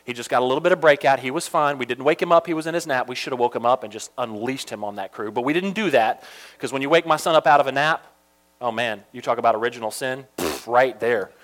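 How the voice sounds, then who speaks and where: A young man from Georgia telling a funny personal story in an animated, chatty way, full of asides. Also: medium pitch, fast talker.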